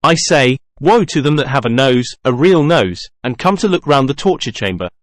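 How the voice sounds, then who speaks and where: Menacing masked genius with a lively, swooping delivery as a male reader does him, for a storybook reading. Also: medium pitch, normal speed, no echo, studio quality, natural voice. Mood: boastful. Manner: theatrical, wheedling then boastful.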